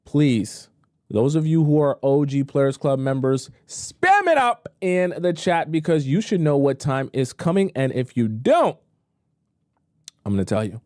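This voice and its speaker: A man's voice: a little high, sing-song, a little slow, a little mellow, no echo, clean studio sound. A man hosting a live dating-advice stream in a casual, emphatic way, often repeating himself to drive his point home.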